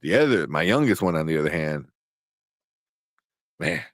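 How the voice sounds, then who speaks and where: A man in his thirties, co-hosting a casual chat show, telling lively stories, swearing casually and laughing often. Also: extremely low pitch, moderate pace, dry recording, clean studio sound. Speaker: co-host.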